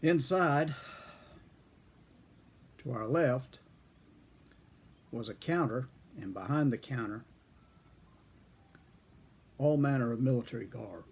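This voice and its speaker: An older man, a former airman, telling a story from his own past in a casual, folksy way, chuckling and clearing his throat now and then. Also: mid-range voice, slow, pauses often, a little mellow. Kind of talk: casual spoken memoir storytelling.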